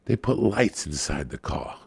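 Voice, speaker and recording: A man's voice: a bass voice, big pitch swings, a little slow, gravelly, husky, no room sound. A middle-aged man, a guest comedian, telling a rowdy, profane story on a podcast and acting out the people in it.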